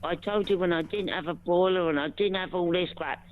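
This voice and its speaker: A woman's voice: lowish voice, fairly quick. A woman caller from England chatting in a rambling, self-interrupting way on a phone-in show. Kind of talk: casual phone-in chat. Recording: tinny phone line.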